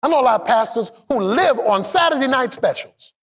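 Speaking a little fast, a male pastor preaches with a high, energetic voice that swings between shouted peaks and quiet asides. He leads call-and-response, telling the congregation to repeat his words to the people beside them.

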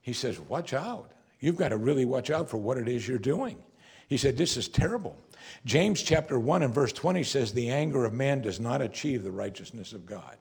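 Male pastor, husky voice, animated pitch, sermon delivery with direct questions to the congregation. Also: normal speed. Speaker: preacher.

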